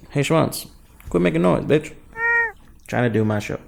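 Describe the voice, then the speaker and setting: A man's voice: medium pitch, expressive, normal speed, gravelly, a little mellow, slight background noise. A young man hosting his own web show from his living room, talking in a crude, self-mocking, rambling way. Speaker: host of a home web show. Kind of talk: casual rambling comedic monologue.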